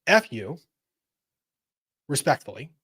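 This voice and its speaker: A man hosting a live legal commentary stream, reading viewer messages and reacting with wry, animated asides. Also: mid-range voice, slow, slightly rough. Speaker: lawyer streamer reading chat.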